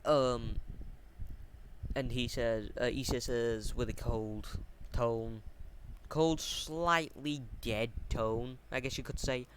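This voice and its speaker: A man's voice: mid-range voice, steady tone, takes it slowly. A man casually retelling a fan story, hesitant and full of ums and restarts, talking into a computer mic on a voice chat. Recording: noisy home mic recording.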